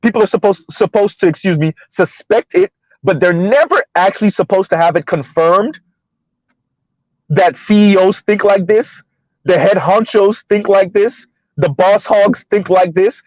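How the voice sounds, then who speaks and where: A chatty man with a somewhat high voice rambles through casual commentary from inside his car, laughing often and checking in with "right?". The sound is dry and close, with a dull, muffled lo-fi quality. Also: measured pace, darkish tone, no echo. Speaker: commentary channel host. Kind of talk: casual commentary while driving.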